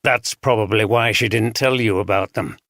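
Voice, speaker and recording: A man's voice: on the low side, normal speed, vocal fry, a bit bright, no echo, studio quality. A man voicing a plain-spoken male detective chief inspector with a northern English accent. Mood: businesslike.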